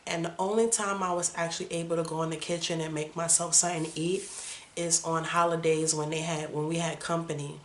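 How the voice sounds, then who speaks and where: Woman, 30s, lowish voice, candid personal vlog storyteller, casual fillers, roomy room echo. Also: flat delivery, a little fast, a little hiss or hum. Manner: candid and conversational, full of "like" and "you know". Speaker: vlogger.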